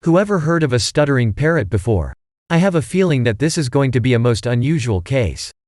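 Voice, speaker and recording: A man's voice: medium pitch, animated, a little fast, a little mellow, no echo, clean studio sound, close to an everyday voice. A man reading an audiobook, voicing a clever teenage boy detective who speaks in precise, formal phrases. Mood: probing.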